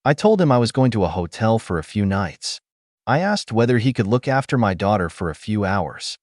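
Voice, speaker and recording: Low-voiced man narrating a story. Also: very animated, brisk, darkish tone, no echo, studio quality. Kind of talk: scripted first-person story narration.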